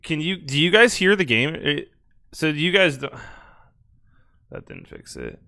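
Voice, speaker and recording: A young man live-streaming a ranked match, flustered and exasperated as his tech fails, sometimes shouting. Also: on the high side, sing-song, unhurried, gravelly.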